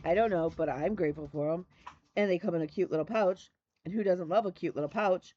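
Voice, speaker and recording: A middle-aged Michigan woman hosts a stitching video as a flosstube host, chatting casually and effusively and repeating "love me a" in her enthusiasm. Her voice is fairly low, fairly quick and dark-toned, and the audio is dull.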